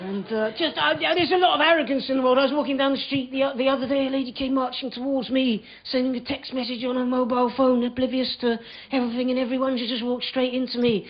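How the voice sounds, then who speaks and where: A man's voice: very high voice, fairly even intonation, fast talker. A man doing a stand-up comedy set with a dry, sardonic delivery, acting out little dialogues on a club stage. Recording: lo-fi live club recording with crowd noise. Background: audience laughter.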